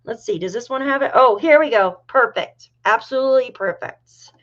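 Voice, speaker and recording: A middle-aged woman from New York hosts a loose, chatty livestream and reads viewer comments aloud. Her voice sits fairly high. The sound is dull and lo-fi. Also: moderate pace, fairly bright tone. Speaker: livestream host. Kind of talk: casual livestream chat.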